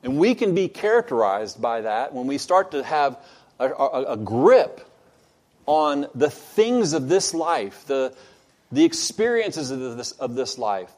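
A man preaching a sermon, earnest and building toward loud, emphatic stretches. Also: fairly high pitch, very animated, unhurried. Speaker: pastor.

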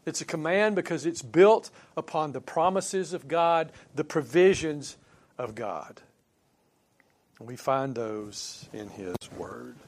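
Man, pastor, sermon, conversational, emphatic, fairly high voice. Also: slow pace. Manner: conversational preaching, asks the congregation questions; swings from quiet asides to emphatic points.

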